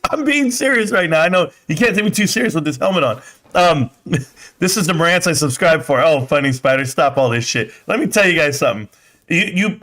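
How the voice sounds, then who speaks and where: A man's voice: high-pitched, a bit bright. A man hosting a livestream, chatting casually and reading comments in a brash, profane way, laughing often. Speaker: livestream host.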